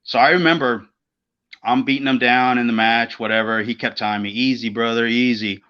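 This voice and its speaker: A man's voice: mid-range voice, a little fast, clear, resonant tone. A middle-aged man spins a loose, profane story on a podcast and slips into the voices of the people in it. His voice sits in a middle register. The recording is dull and lo-fi. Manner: profane, animated storyteller who acts out quoted voices. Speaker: podcast co-host, former pro wrestler. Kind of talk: casual storytelling chat.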